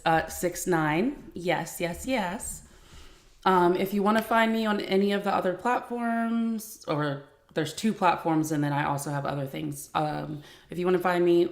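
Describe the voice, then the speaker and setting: A woman's voice: fairly low pitch, vocal fry, echoey room. A woman hosting a live stream from home, talking frankly in a casual, chatty way and swearing freely.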